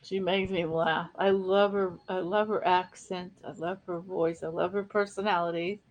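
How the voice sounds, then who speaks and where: A woman's voice: on the low side, fairly even intonation, normal speed, dull audio. A chatty woman from New England on a live stream, laughing often. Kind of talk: casual live-stream chat.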